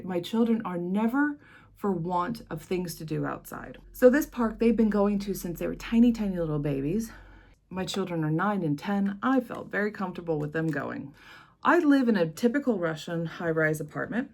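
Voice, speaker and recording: A woman's voice: lowish voice, a little mellow. American woman telling a personal story. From United States. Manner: earnest, conversational, with emphatic rises. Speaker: vlogger.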